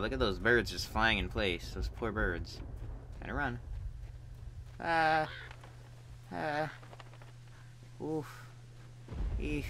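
A man's voice: lowish voice, bright, forceful tone. A young man swearing and joking through casual gameplay commentary. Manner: profane, joking, talks to the game. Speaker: gamer. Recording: keyboard and typing noise behind.

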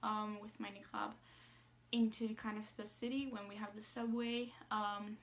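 A woman from Sweden with a Swedish accent, telling a story to her phone camera in a halting way, full of ums and likes. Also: medium pitch, level tone. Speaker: vlogger.

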